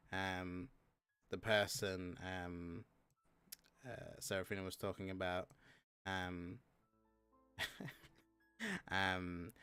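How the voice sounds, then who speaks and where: A man narrating a fantasy tabletop game as game master, halting with many fillers. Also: sits low, bright, forceful tone, clear, resonant tone, dry recording.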